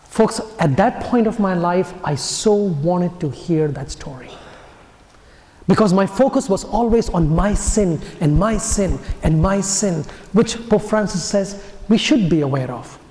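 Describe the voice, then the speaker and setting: A man, a priest, giving a homily as an earnest storyteller whose phrases soften and fall away at their ends. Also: high voice, animated, a little slow. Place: church. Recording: echoey church with long reverb.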